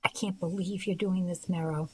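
A woman's voice: lowish voice, fairly even intonation, moderate pace, mellow, a little hiss or hum, close to an everyday voice, poor audio. A woman voicing a hurt, pleading young man in an audiobook, speaking earnestly to his fiancée.

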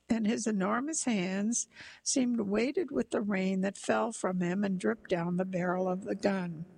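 Woman narrator, literary fiction, slow delivery, gravelly fry. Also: medium pitch, darkish tone, rough recording. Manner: measured, unhurried storytelling.

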